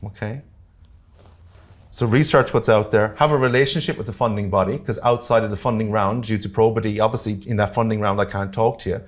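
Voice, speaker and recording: A man with an Irish accent presenting a live workshop to a room, talking quickly and jokily and often checking in with "okay?" and "all right?". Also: lowish voice, fairly even intonation. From Ireland. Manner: fast-talking, jokey, keeps checking in with the audience. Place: community centre meeting room.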